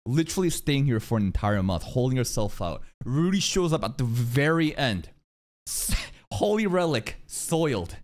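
A man giving live reaction commentary on an anime, excitable and profane, often yelling at his chat. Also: mid-range voice, moderate pace.

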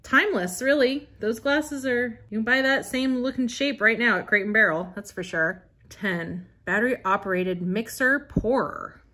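Chatty, excitable woman vlogger. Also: fairly high pitch, normal speed, hardly any pauses. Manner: chatty and excitable, gasps and laughs at items. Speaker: vintage catalog vlogger. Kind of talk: casual commentary while reading a catalog.

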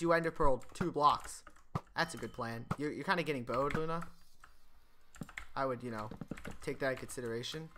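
A man streaming gameplay, chatting casually, getting excited and laughing often. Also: a little high, noisy background. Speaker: gaming streamer. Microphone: desk microphone.

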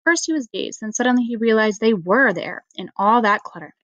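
A woman reads a children's storybook aloud with expressive, steady narration. Her voice sits a little high and is close to the microphone in a dry room. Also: a little fast, no echo, highs cut off. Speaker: reader.

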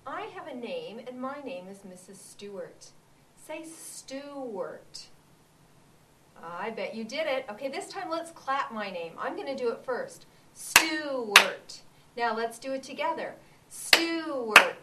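A woman kindergarten teacher guiding children to clap and count syllables, with slow, clear prompts. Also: a little high, expressive. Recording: distant mic, faint background noise.

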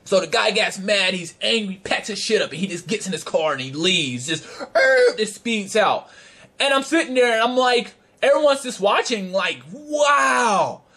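High-voiced brash man telling a story. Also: lively intonation, moderate pace, sharp tone. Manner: brash, profane trash-talk with laughter. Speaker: card game player recounting a tournament. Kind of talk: casual storytelling vlog.

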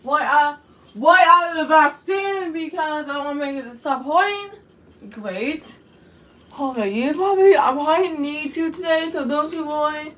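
A woman with a high voice talks casually to her viewers in a vlog. She rambles nervously and circles back to the same phrases again and again. Her voice sits a little away from the microphone. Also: normal speed, a bit bright, distant mic, slight background noise. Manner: anxious, rambling, repeats herself, keeps saying "you guys" and "y'all". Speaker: vlogger. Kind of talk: casual vlog talk to camera.

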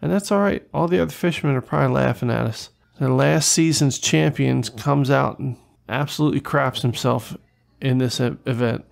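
Speaking at a moderate pace in a creaky, mid-range voice, a man runs a gaming channel with excitable, casual play-by-play. He chats to his viewers and lets loose with swearing when things go wrong, all on a rough recording.

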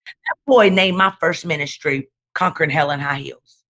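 A woman's voice: low-pitched, normal speed, fairly bright tone. A middle-aged woman pastor giving a dramatic, emphatic testimony in conversation, driving her points home with repeated refrains. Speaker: pastor and guest speaker.

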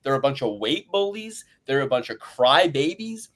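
A man co-hosting a podcast, ranting loudly and boastfully with big swings in pace and pitch and frequent laughter. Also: big pitch swings, normal speed. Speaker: podcast co-host. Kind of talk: profane ranting fight predictions.

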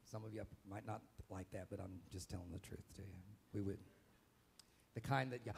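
A man preaching a live church sermon as pastor, dramatic and vocal, acting out scenes with sudden shouts. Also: fairly low pitch, quick pace, vocal fry, husky. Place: church sanctuary, live service.

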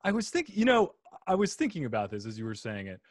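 A man hosting a podcast interview, jokey and quick to laugh, reading out listener questions. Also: fairly high pitch, wildly swooping pitch. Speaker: podcast host.

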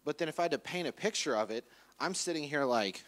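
A man's voice: fairly high pitch, animated, a little fast, a bit bright. A man preaching a conversational sermon in church, casually acting out quoted voices. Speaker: pastor.

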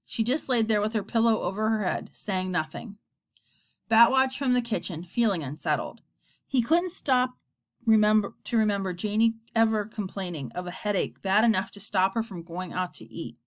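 In a mid-range voice and at a moderate pace, a woman tells a children's book story aloud with expressive delivery.

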